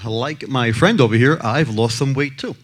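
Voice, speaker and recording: A man's voice: medium pitch, normal speed, a little hiss or hum. Blunt, brash man telling stories. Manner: blunt and brash, acts out other people in his stories. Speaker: child abuse prevention advocate speaking to an audience. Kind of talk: blunt talk with joking stories.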